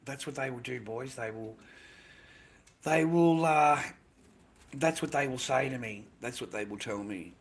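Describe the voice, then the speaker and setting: A man's voice: mid-range voice, measured pace, long pauses. An Australian man chatting casually on a livestream, rambling and swearing constantly, with "mate" in almost every line.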